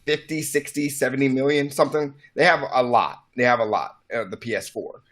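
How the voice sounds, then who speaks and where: A man's voice: mid-range voice, a little fast, fairly bright tone. A man with an ordinary mid-range voice gives his opinions on gaming news as a podcast co-host. He talks casually and drops in wry, dry remarks.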